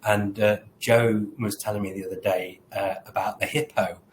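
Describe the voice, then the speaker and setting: A man speaking as a panel guest, telling a story in a relaxed, low-key way. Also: moderate pace, a little hiss or hum, poor audio. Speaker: panel guest, railway executive. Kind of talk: panel discussion.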